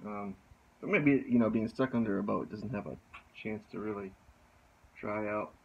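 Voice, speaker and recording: A man's voice: lowish voice, normal speed, creaky, lo-fi sound, very noisy. A man casually narrating his own boat repair, joking and talking to himself while he works outdoors under a sailboat, recorded on a handheld phone. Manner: joking, wisecracking, talks to himself while working. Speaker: sailboat vlogger.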